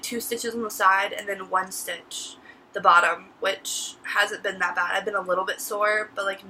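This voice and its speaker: A woman's voice: medium pitch, sharp tone, a little hiss or hum, poor audio. A teenage woman telling her story to camera in a casual vlog, chatty and full of "like" and "literally.". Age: teens. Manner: chatty, says "like" and "literally" a lot. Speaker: vlogger.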